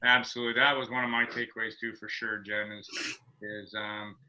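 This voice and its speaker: A man's voice: lowish voice, flat delivery, brisk, bright, forceful tone, highs cut off. A man hosting a team video call, speaking earnestly and proudly about his teammates. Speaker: team leader and host. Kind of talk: casual video call chat.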